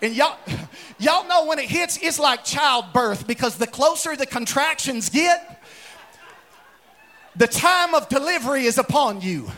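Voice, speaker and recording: A man's voice: very high voice, unhurried, pauses often. A man, a pastor, preaching a humorous sermon full of folksy comic storytelling. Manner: folksy, animated, comic storytelling that bursts into shouts. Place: church sanctuary with congregation.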